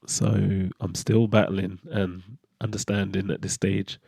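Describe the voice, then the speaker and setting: A man's voice: sits low, little pitch movement, unhurried, gravelly, a little mellow, slightly rough, no echo, clean studio sound. A middle-aged man speaking a candid, hesitant personal monologue as a podcast host, with fillers and restarts.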